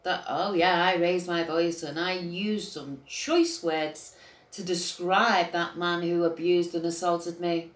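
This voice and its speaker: An older woman and grandmother, telling an agitated personal account that swings between quiet and loud outbursts, with swearing. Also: on the low side, steady tone, slow, echoey room. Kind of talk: emotional personal account to camera.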